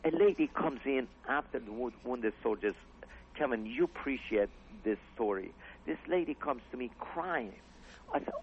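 A man's voice: mid-range voice, normal speed, a little hiss or hum. A comedy club owner, a man, chatting earnestly on a radio interview in rambling English with broken grammar. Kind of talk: casual radio interview chat. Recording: tinny phone-like radio audio.

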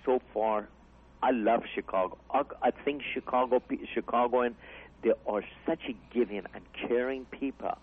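A man talks in an earnest, rambling way, his English full of broken grammar and restarts. His voice is husky and mid-pitched. He sounds tinny and narrow, as if heard over a phone-like radio line. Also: normal speed. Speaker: comedy club owner. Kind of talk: casual radio interview chat.

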